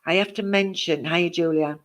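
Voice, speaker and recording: A man leads a live online psychic reading, his voice sitting a little high. He speaks in a reassuring, comforting way, sprinkling in endearments and breaking off to greet new viewers. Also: fairly even intonation, moderate pace, fairly bright tone. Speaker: psychic medium.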